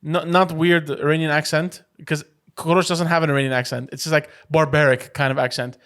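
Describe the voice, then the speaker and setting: A man's voice: a little high, flat delivery, fairly quick, a bit bright. A man co-hosting a podcast in casual chat, teasing his friend and rambling with plenty of restarts. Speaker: podcast co-host.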